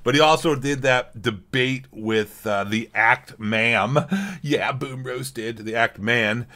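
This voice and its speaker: A man's voice: fairly low pitch, bright, forceful tone. A man hosting a reaction video, ranting in a sarcastic, rambling and crude way. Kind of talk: casual rant commentary.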